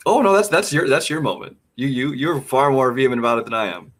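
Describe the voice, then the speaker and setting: A man co-hosting a movie podcast, offering measured, wry opinions and nudging his co-host along. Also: medium pitch, expressive, fairly bright tone. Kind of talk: casual movie review chat.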